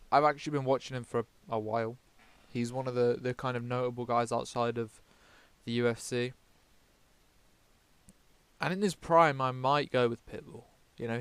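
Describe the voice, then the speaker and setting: A man's voice: mid-range voice, clear, resonant tone, dry recording. A man from the UK giving casual fight predictions, rambling, swearing often and correcting himself as he goes. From United Kingdom. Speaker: MMA vlogger.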